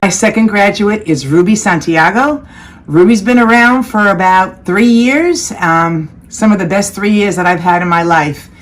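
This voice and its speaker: A woman's voice: medium pitch, normal speed. A woman teacher giving heartfelt praise to her graduates over a video call. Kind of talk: speech to graduates.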